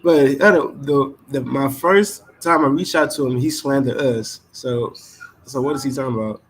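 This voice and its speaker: A man co-hosting a live reaction stream, chatting casually and dropping in quick side remarks. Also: medium pitch.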